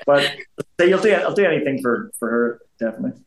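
A man in his fifties with a softened Belfast accent talks through an interview in a loose, circling way. He restarts sentences and repeats phrases as he goes. His voice sits at an ordinary pitch, and the room adds a noticeable echo. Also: lively intonation, normal speed. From Belfast, Northern Ireland. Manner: rambling, repeats himself, frequent restarts. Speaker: interview guest, former boxer. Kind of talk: casual interview chat.

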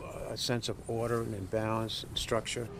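A man giving a tour of a garden and house, talking in a halting, reflective way with many fillers. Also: on the low side, little pitch movement. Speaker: widower giving a home tour. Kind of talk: interview recollection while walking. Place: garden outdoors. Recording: outdoor noise with passing traffic.

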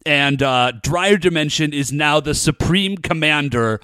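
A man's voice: on the high side, a little slow, bright, forceful tone, clear, resonant tone, dry recording. A man casually recapping a TV episode with a co-host, chatty and full of "like" and "uh". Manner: chatty, lots of "like" and "uh".

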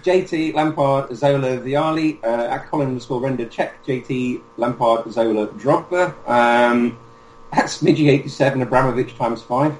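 A man's voice: medium pitch, moderate pace. A man hosting a casual football podcast, leading the segment in a laid-back way with frequent fillers. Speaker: podcast host. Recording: echoey room with faint noise.

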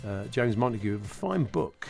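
A man's voice: lowish voice, sing-song, a little fast, gravelly, darkish tone, faint music behind. A man hosting a podcast, quizzing his co-host in casual chat with lots of hesitations. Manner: chatty, hesitant with many uhs.

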